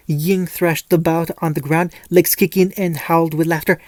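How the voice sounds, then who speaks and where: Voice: medium pitch, flat delivery, a little fast, few pauses, darkish tone, no room sound. A narrator reading a fan-fiction story aloud, with frequent stumbles and restarts. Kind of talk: storytelling reading with light character voices.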